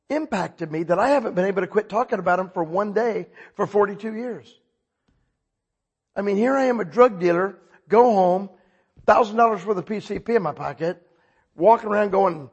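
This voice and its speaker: An older man in his sixties preaches his personal testimony in a husky, high-pitched voice. His pitch leaps widely as he shifts from hushed reverence into excited, shouted storytelling. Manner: storytelling, humorous and emotional.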